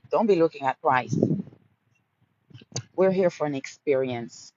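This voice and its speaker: Deep and darkish, this Haitian-accented woman's voice comes through dull audio with a little hiss or hum. Hosting a motivational livestream Q&A, she emphatically repeats affirming mantras and addresses listeners as honey and baby.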